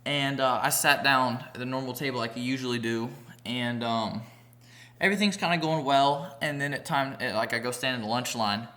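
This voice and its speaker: A young man tells a rambling story for his vlog. He talks casually and profanely, piling up filler words as he goes. His voice sounds bright and pushed forward. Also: mid-range voice, moderate pace. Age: young adult. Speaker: vlogger.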